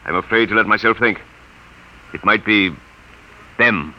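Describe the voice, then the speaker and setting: A man's voice: lowish voice, a little slow, lightly acted. A man playing a cold, formal Martian son. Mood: tense. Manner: clipped, coldly formal. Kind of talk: 1940s radio acting. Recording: dull old radio broadcast with faint hiss.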